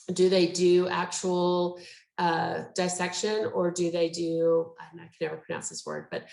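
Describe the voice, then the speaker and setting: Gravelly woman on a roomy video call. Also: lowish voice. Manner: chatty, explanatory, many fillers. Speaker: medical school presenter. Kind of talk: virtual info session talk.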